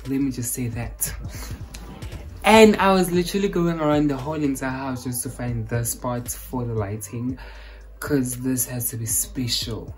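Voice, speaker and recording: A woman's voice: very deep voice, moderate pace, faint music behind, poor audio. A woman with a South African accent, gushing and repeating exclamations in a casual reaction vlog. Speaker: vlogger reacting to a film.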